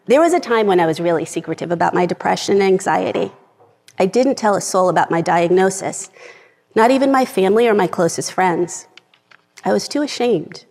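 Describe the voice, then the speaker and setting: A woman's voice: medium pitch, darkish tone. A middle-aged woman giving an earnest personal talk from a script to a live audience. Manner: earnest, reads from a script, gets emotional at times. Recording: long reverb of a large hall.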